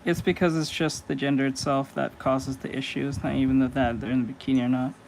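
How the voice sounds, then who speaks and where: A man's voice: medium pitch, little pitch movement, fast, creaky, a little mellow. A man streaming while he draws, thinking aloud in a rambling, casual way with many restarts. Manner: gets emphatic when arguing a point. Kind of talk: casual commentary while drawing. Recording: noisy stream audio.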